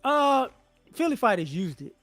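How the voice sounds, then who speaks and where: A man in a casual live-stream talk about boxing, animated and rhetorical, acting out what other people say. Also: extremely high pitch, moderate pace, no echo, faint music behind. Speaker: co-host.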